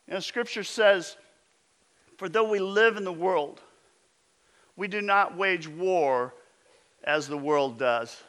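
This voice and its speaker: A male pastor preaching to his congregation at a deliberate, unhurried pace. His tone is bright and forceful, and he swings between emphatic calls to action and low, intense asides. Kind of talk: sermon.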